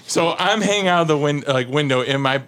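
Speaking briskly in a slightly high voice, this podcast guest in his thirties tells a lengthy anecdote during a casual chat. He is an animated storyteller who laughs frequently and leans heavily on "like" as a filler.

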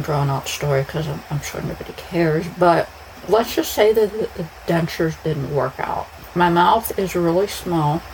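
A woman's voice: deep voice, creaky, slight background noise, poor audio. A woman podcast host chatting in a rambling, casual monologue, her speech slightly slurred after dental surgery. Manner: rambling, chatty, frequent restarts and fillers.

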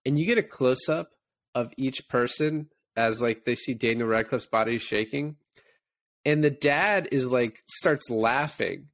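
A man co-hosting a casual movie podcast, retelling scenes with lively quoted voices and laughter. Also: mid-range voice, a little slow, no room sound. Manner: animated storytelling, acts out scenes in quoted voices. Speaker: podcast co-host.

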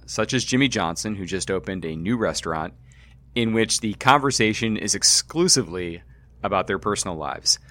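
A man hosting a podcast, introducing the episode and then interviewing a guest in a measured, conversational way. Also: on the low side, a bit bright. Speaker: podcast host.

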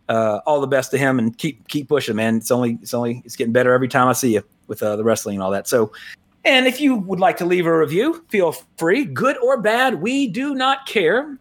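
A man in his forties hosting a casual podcast, rambling loosely, with frequent chuckles and restarts. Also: mid-range voice. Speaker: podcast host.

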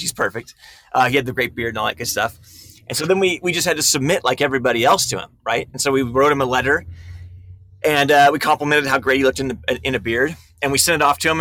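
A man speaks quickly in a bright, somewhat high voice, eagerly explaining and recounting events. The sound is close and dry, with no room echo. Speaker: film director, guest. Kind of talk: casual interview storytelling.

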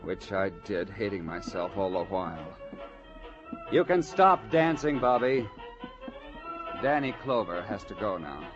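A man's voice: on the low side, sing-song, unhurried, pauses often. An actor playing a theatrical, mocking man in a 1950s radio drama, talking in a campy sing-song and mimicking others. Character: theatrical, mocking man, a dancer's twin brother. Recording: dull old radio broadcast with music.

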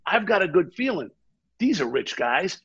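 A man telling a long anecdote in a casual chat, animated and often quoting the people in his story. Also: high voice, normal speed, breathy edge, muffled recording. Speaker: guest.

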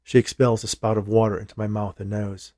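Male audiobook narrator, low and warm, measured thriller read, dry close mic. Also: level tone, no echo. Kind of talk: scripted first-person thriller narration.

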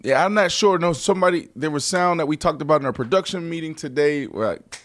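A man hosting a casual sports podcast, talking in an animated, emphatic way and often restarting his sentences. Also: a little high, fast. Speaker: podcast host.

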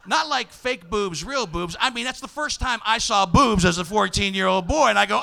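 A man with a high, sharply bright voice tells a comic story as a podcast host. His delivery is loud and animated, often jumping into shouts for effect. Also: brisk, vocal fry, hardly any pauses.

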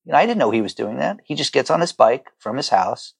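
A middle-aged man with a gravelly edge to his voice talks as a guest on a podcast call. He is heartfelt and keeps catching on repeated words when the feeling gets to him. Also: medium pitch, big pitch swings, quick pace. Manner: heartfelt, stammering repetitions when moved. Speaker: chef and restaurant owner, guest. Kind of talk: emotional podcast conversation.

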